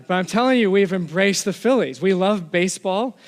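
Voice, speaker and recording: A man's voice: high voice, animated, a little fast. Man preaching in a reverberant hall. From Texas. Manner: conversational storytelling with frequent restarts. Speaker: pastor. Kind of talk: sermon.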